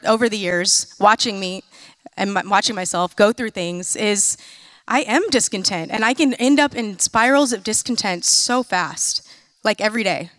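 A woman in her thirties with a fairly high voice tells lively, self-mocking stories in a sermon-style talk. She is from the United States. Her voice is close and dry. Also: no room sound. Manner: lively, self-mocking storytelling with quick asides. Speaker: speaker.

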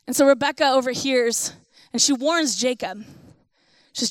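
A woman preaching a sermon, retelling a scripture story in a conversational way and slowing down for emphasis. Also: sits high, no echo.

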